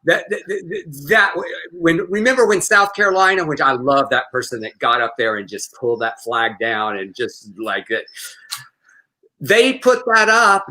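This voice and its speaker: Guy co-hosting, gets worked up and swears, bright forceful voice, kinda high. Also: low-quality recording. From Texas. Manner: heated, profane, stammering restarts. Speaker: co-host. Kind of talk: casual chat.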